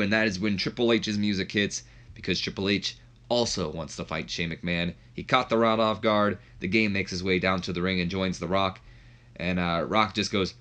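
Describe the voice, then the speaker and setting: A man's voice: lowish voice, fairly even intonation, normal speed, sharp tone. A man hosting a gaming video, recapping a match in a rambling way full of fillers. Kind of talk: casual game commentary.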